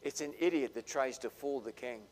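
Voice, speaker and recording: A man preaching a sermon, dramatic, swinging between loud bursts and hushed asides. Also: medium pitch, brisk. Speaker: pastor. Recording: long hall reverb.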